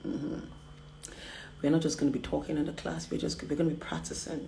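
Frank, lively woman. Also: low voice, fairly quick, gravelly, roomy sound, a little hiss or hum. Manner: animated, laughing, candid and teasing. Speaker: relationship coach. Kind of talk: frank casual vlog talk.

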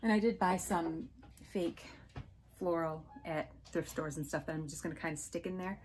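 A woman's voice: deep voice, normal speed, a little mellow, a little hiss or hum. Chatty woman gushing over thrift finds. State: hiccuping. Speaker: resale vlogger. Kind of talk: casual show-and-tell haul.

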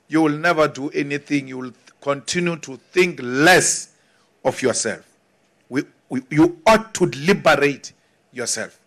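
A man's voice: fairly high pitch, vocal fry, pushed and bright. A man with a South African accent giving a political rally speech, defiant and emphatic, repeating his points. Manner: defiant, emphatic oratory with repetition. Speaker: political speaker.

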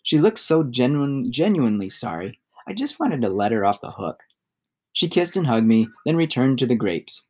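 A man narrates a novel at an ordinary mid pitch. His reading is steady and even, with no rush. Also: moderate pace. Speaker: audiobook reader.

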